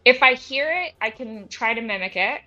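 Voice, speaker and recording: Bright, playful woman co-host. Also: fairly high pitch, lively intonation, moderate pace, dull audio, soft background music. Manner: playful, teasing. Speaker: co-host of a paranormal podcast. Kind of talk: casual live-stream chat.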